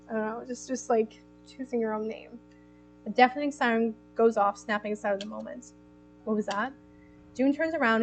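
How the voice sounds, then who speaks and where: A woman's voice: on the high side, rough recording. A young woman streaming a story game, reading it aloud and reacting emotionally with giggles. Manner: emotional, giggly, easily moved.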